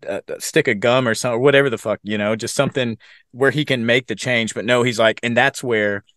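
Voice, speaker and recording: A man's voice: mid-range voice, steady tone, fairly quick, fairly bright tone, no room sound, studio quality. A man chatting casually about a film, retelling scenes and swearing freely. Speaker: podcast co-host.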